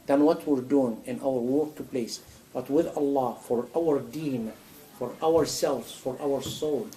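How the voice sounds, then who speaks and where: A man giving a sermon in a mosque, animated and full of rhetorical questions. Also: medium pitch, slow pace, rough recording. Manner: animated, acts out a dialogue with God, rhetorical questions. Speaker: imam answering a question. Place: mosque hall.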